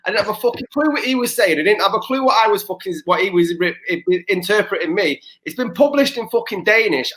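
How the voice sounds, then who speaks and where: A man's voice: sits high, fairly bright tone. A man co-hosting a podcast in casual chat, rambling and swearing a lot, often stumbling over his words. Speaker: podcast co-host.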